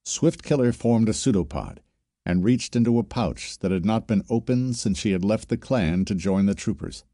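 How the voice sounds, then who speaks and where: Man, audiobook narrator, scripted narration, measured delivery, warm low voice. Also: lively intonation, dry recording, studio quality.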